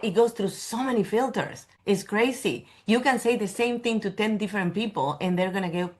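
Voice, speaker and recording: A woman's voice: mid-range voice, a little fast. A woman hosting a podcast interview, affirming and empathetic in her replies. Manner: affirming, empathetic, short agreements. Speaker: podcast host. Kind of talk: conversational interview.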